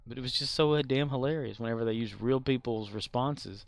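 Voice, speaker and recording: Man, game streamer, casual rambling chat, gravelly fry, mid pitch, laughs often, desk mic. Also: fairly even intonation, fairly quick. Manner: rambling, talkative; laughs often while talking. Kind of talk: casual chat while gaming.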